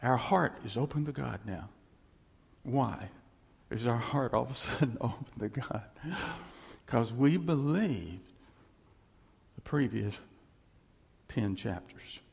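A man's voice: medium pitch, lively intonation, takes it slowly, gravelly, long pauses, a little mellow, slightly rough, long reverb tail. A man preaching a sermon on scripture, emphatic and repetitive, asking the congregation for responses. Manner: emphatic, repeats phrases, calls for audience response.

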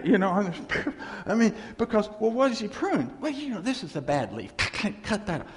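A man preaching a sermon in a church, animated and laughing, acting out voices as he tells stories. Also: high voice, normal speed, creaky. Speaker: pastor. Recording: echoey hall reverb.

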